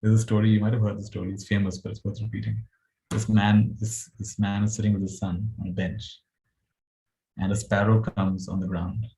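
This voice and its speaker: A male spiritual teacher giving a gentle dharma talk, chuckling as he tells stories. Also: on the low side, little pitch movement, fairly quick, vocal fry, slight background noise, low-quality recording.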